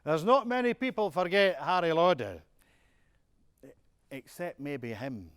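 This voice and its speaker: An actor playing an older Scottish music-hall star in a stage monologue, telling stories with a chuckling, self-mocking manner. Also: male voice, a little high, animated, measured pace, clear, resonant tone. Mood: jovial boasting. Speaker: music-hall performer in a one-man stage show. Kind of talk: theatrical monologue.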